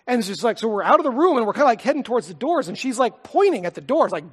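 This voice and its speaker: A man preaching a sermon, telling a personal story in an earnest, heartfelt way and often dropping to a soft, quiet voice. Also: very high-pitched, big pitch swings, very fast, few pauses, breathy edge. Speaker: pastor.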